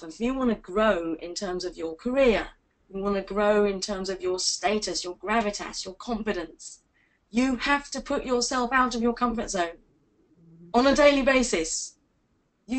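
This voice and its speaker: A woman teaching a live online class as a confidence coach, energetic and playful, acting out quotes with big jumps in pitch. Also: low-quality recording.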